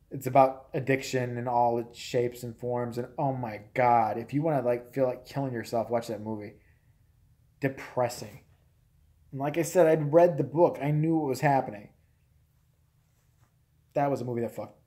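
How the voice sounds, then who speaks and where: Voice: medium pitch, mellow. A live-show host from Chicago chatting casually, rambling through stories, laughing often and swearing a lot. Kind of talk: casual live-stream chat.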